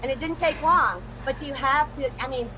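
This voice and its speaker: A woman guest telling her own story in a lively, animated way during a casual chat. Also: high-pitched, moderate pace, lo-fi sound, background noise.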